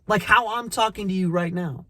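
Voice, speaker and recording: A man with a high, sharp-toned voice speaks at a moderate pace, no room sound. As a motivational vlogger in a casual monologue, he preaches bluntly and profanely at the listener, repeating phrases and stumbling over sentence restarts.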